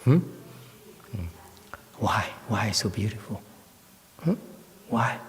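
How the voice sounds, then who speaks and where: Slow, joking monk in a hall. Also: male voice, on the low side, expressive. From United States. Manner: slow, joking, teasing asides with frequent fillers. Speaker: Buddhist monk lecturing on a sutra. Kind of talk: dharma lecture. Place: temple lecture hall. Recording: long hall reverb.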